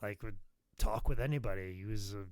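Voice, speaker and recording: A man co-hosting a wrestling podcast, telling animated, profane stories that swing loud. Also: fairly low pitch, brisk, no room sound. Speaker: podcast co-host, pro wrestling worker. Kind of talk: casual podcast chat.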